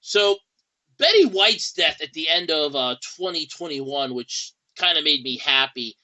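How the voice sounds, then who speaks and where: A man's voice: fairly high pitch, expressive, a little slow, bright, forceful tone, poor audio. A man hosting a podcast in a casual, rambling monologue with a wry tone and lots of fillers, speaking. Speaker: podcast host.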